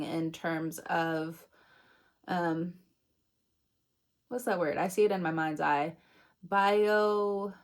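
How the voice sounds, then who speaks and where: A young adult woman giving a casual, meandering tarot reading, chatty and laughing at herself. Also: lowish voice. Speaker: tarot reader.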